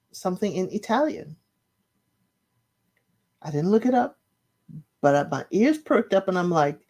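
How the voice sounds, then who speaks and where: Chatty, opinionated woman recapping TV. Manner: chatty, opinionated, frequent "you know" fillers; acts out quotes with shifting pitch. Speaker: recap podcast host. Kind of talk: casual reality-show recap commentary.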